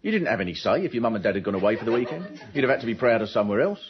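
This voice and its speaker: A man doing a sardonic stand-up comedy monologue as host, telling stories with lively acted asides. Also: medium pitch, racing, heavy background noise. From England. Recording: muffled broadcast recording with audience. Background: studio audience laughter.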